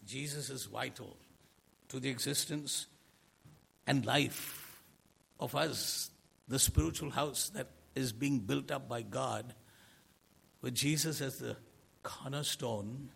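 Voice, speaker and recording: Gravelly, husky male preacher, slow sermon. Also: mid-range voice, a bit bright. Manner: earnest, rhetorical questions, swelling emphasis.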